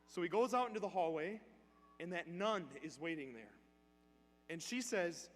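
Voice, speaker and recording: Man, homilist in a church, higher-pitched voice, casual storyteller who acts out the lines, long church echo. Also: expressive, moderate pace. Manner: conversational, acts out dialogue in a story. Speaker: deacon giving a homily. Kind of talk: storytelling sermon. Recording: long church reverb, faint hum.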